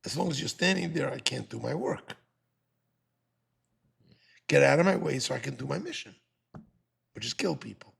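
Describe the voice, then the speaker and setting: A man voicing a scornful, boastful male angel of death who mocks loudly, in a high voice. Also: expressive, moderate pace, gravelly, long pauses, slightly rough, full character voice. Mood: impatient. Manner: mocking, high and loud.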